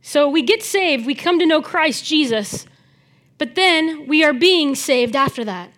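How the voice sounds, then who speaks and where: A woman's voice: high voice, a little slow. Woman preaching with big swings in volume. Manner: animated, swings between loud emphasis and soft near-whispers; chatty asides with the congregation. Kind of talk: sermon.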